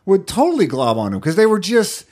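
A man's voice: sits high, brisk. A middle-aged man co-hosting a chat show, telling stories and acting out what others said. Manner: animated storyteller, acts out quotes. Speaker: podcast co-host. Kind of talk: casual chat.

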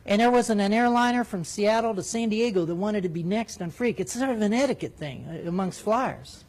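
A man, a former military jet pilot, telling a flying story in an animated way, acting out radio calls. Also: sits high, fairly quick. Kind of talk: spoken storytelling.

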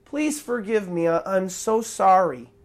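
A man's voice: high-pitched, expressive, measured pace. A preacher acting out a remorseful male servant who stammers and pleads for forgiveness. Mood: pleading.

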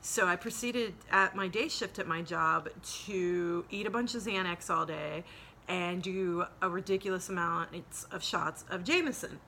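A woman's voice: on the low side, unhurried, sharp tone, slight background noise. A woman podcast host telling a rambling, profane story in casual chat, laughing as she goes.

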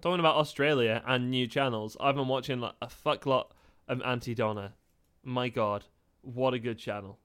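Smooth-voiced joking man. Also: medium pitch, steady tone, normal speed, fairly bright tone. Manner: joking, teasing, laughs often. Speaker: podcast co-host. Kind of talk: casual chat.

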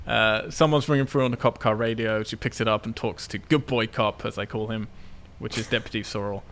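A man co-hosting a casual podcast chat, excitedly recapping a film and laughing often as he talks. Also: on the low side, brisk.

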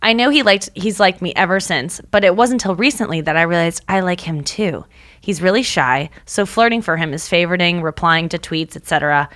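A young woman co-hosting a casual chat podcast, bubbly and quick to laugh. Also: lowish voice, fairly bright tone. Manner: bubbly, laughs often, fond of doing impressions. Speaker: podcast co-host.

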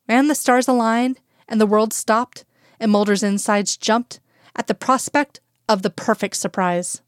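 A woman narrating a fan-fiction audiobook in a steady, even storytelling manner. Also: medium pitch, moderate pace, clear, resonant tone, dry recording, studio quality.

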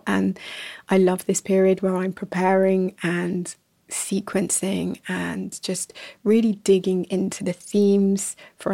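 A woman hosting a reflective podcast, speaking softly and slowly, dropping to a whisper at times and laughing at herself. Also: mid-range voice, vocal fry, dry recording. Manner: soft and slow, sometimes whispering, laughs at herself. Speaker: podcast host. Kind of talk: gentle reflective podcast talk.

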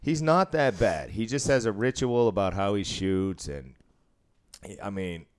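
A man's voice: lowish voice, expressive, measured pace. A man who deals craps, telling a casual, profanity-laced story about work and laughing as he goes. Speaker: casino craps dealer.

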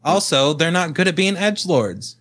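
A man's voice: fairly high pitch, sing-song, normal speed, a bit bright. A young man co-hosting a podcast, talking bluntly in crude, casual banter and trash-talking freely. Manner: blunt, swears, trash-talks. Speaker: podcast co-host.

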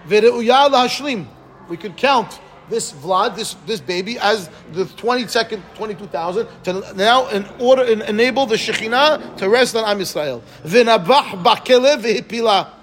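Male rabbi, Talmud class, high voice, quick animated explanations. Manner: explains Aramaic phrase by phrase in English; quick, animated, asks listeners "right?".

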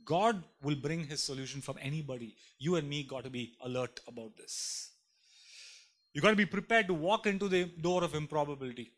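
A man's voice: fairly high pitch, brisk, fairly bright tone. A man preaching a sermon emphatically, repeating lines and building in intensity. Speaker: pastor.

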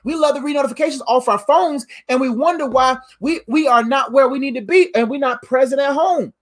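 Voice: high voice, fairly quick. A pastor giving a conversational livestreamed sermon, repeating key lines and adding playful asides.

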